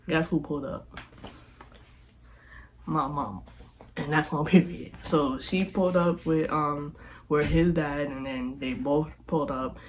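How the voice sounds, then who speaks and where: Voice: medium pitch, a little hiss or hum, rough recording. A young adult vlogger telling a personal story casually, acting out quotes and filling gaps with "like" and "da, da, da.". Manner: animated, acts out quotes, says "like" and "da da da" a lot.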